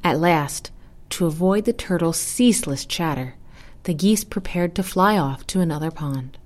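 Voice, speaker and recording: Brief: woman storyteller, lower voice, calm and soft-spoken narration. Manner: calm, quiet and measured. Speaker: story reader.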